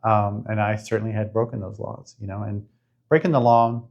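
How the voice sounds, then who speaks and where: A man's voice: fairly low pitch, level tone, fairly quick, creaky, dull audio. A middle-aged man frankly recounting his life in a conversation, reflective and swearing casually. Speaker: guest sharing his life story. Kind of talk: candid conversational storytelling.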